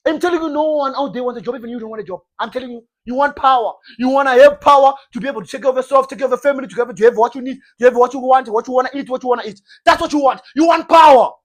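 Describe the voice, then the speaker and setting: In a high-pitched, rapid-fire voice with few pauses, a preacher delivers an informal sermon. He's emphatic and repetitive, often acting out short comic exchanges as role-play.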